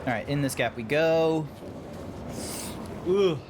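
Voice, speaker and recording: A young Australian man giving chatty, animated commentary on a game while he talks to his stream chat. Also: fairly high pitch, takes it slowly, background noise. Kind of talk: casual gameplay commentary.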